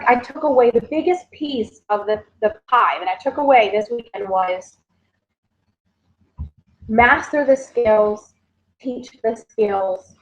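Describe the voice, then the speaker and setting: A fairly high-voiced woman, rallying her team with quick, repetitive pep talk. The sound is dull and lo-fi, like a home livestream. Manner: energetic, repetitive, keeps addressing listeners as "guys". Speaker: network marketing team leader. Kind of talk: motivational livestream recap.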